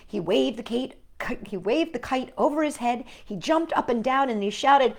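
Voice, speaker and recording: A woman hosting a children's storytime, reading a storybook aloud in a gentle, expressive, child-directed way. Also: on the high side, normal speed, hardly any pauses.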